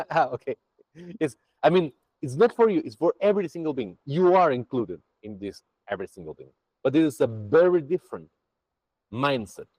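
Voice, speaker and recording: A man's voice: mid-range voice, normal speed, husky, no echo, low-quality recording. A man teaching a Buddhist practice to a group over a video call, chatty and full of restarts. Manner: lively, chatty, with many restarts.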